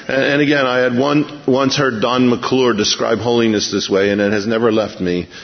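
A man preaching a conversational Bible-teaching sermon, folksy and animated, chuckling as he retells the story. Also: medium pitch, moderate pace. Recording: muffled radio broadcast with long reverb.

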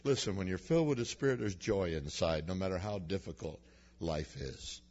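Husky guy preaching to his church, folksy and jokey, kinda muffled lo-fi sound. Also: deep voice, normal speed, a little mellow. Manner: folksy, humorous storytelling. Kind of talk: sermon with personal anecdotes. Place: church before a congregation. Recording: dull lo-fi recording.

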